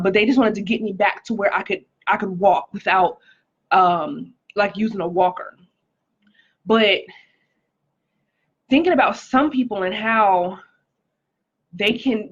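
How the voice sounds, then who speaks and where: A woman talks to her viewers in a relaxed, chatty livestream testimony, her voice sitting in a middle register. She fills her speech with "like" and "um" and stops to greet people by name. The sound is a little dull and lo-fi. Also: medium pitch, husky. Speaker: livestream host sharing a testimony. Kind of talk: casual live-stream testimony.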